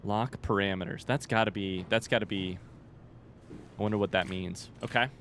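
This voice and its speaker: A man's voice: lowish voice, fairly even intonation, moderate pace, a bit bright, slight background noise. A man giving casual, unscripted commentary on a horror video game he is playing for the first time, rambling, jokey and swearing. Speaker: let's-play gamer.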